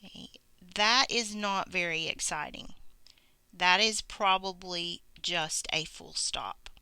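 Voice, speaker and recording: A woman teaching a grammar lesson, explaining slowly and deliberately and acting out example sentences. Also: lowish voice, pushed and bright, clear, resonant tone, dry recording.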